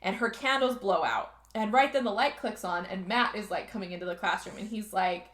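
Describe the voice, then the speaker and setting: A woman's voice: mid-range voice, a little fast, a bit bright. A woman hosting a podcast, recapping a movie in a rambling casual chat full of "like" fillers. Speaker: podcast host. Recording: echoey room.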